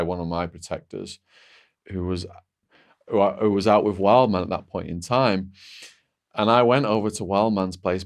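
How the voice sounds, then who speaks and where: Male guest, lowish voice, vivid storyteller who restarts his sentences and leans on "like". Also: clean tone. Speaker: interview guest. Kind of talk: recounting a personal story.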